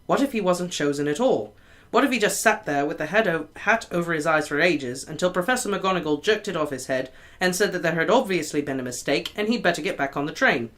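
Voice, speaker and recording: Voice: medium pitch, animated, fairly quick, a bit bright. A reader reading a novel chapter aloud casually, now and then stumbling and correcting a word.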